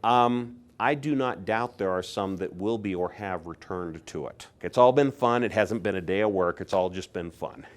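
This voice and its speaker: A man in his sixties from Pennsylvania recounts his collecting days in a relaxed, conversational way. His voice sits a little low, and he gets animated whenever he acts out what other people said. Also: normal speed, hardly any pauses. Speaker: insulator collector. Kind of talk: casual storytelling.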